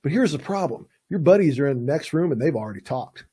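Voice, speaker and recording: A man's voice: fairly high pitch, lively intonation, fast talker, mellow, slightly rough. A man voicing a coaxing police interrogator who pretends to be the suspect's friend. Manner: coaxing, reassuring. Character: smooth, falsely friendly male police interrogator.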